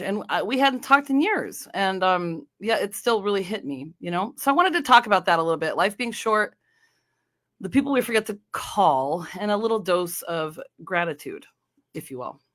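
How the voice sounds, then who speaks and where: A woman's voice: mid-range voice, expressive, moderate pace, a bit bright. Chatty woman from north dakota doing her podcast solo, rambly and full of ums. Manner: chatty, meandering, many fillers and restarts. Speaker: podcast host. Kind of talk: casual solo podcast chat.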